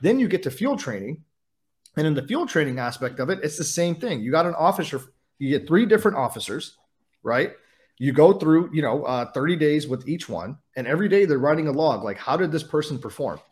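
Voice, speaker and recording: A former patrol officer speaks quickly and bluntly, his voice set a touch higher than most men's. He tells his stories in casual interview talk, full of swearing. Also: very animated, darkish tone. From California. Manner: fast, blunt, profane storytelling. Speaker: podcast guest, former highway patrol officer.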